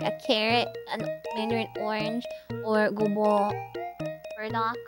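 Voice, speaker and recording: Giggly high-voiced woman streamer. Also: over loud music. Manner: giggly, rambling, reads riddles aloud slowly. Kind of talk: casual game stream chat.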